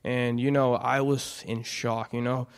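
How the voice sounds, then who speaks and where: A young man giving an earnest, halting personal testimony in church, full of restarts. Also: mid-range voice, flat delivery, smooth. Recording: long hall reverb.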